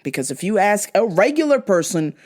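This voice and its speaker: A woman's voice: big pitch swings, a little fast, a little mellow. A woman hosting her own show, telling a family story in a casual, exasperated monologue. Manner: exasperated, incredulous retelling of family arguments; acts out quoted dialogue with shifts in pitch. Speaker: podcast host.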